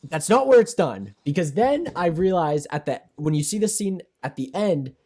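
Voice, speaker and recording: A young man co-hosting a casual podcast, talking at length in an animated, emphatic way. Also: fairly high pitch, normal speed. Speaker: podcast co-host.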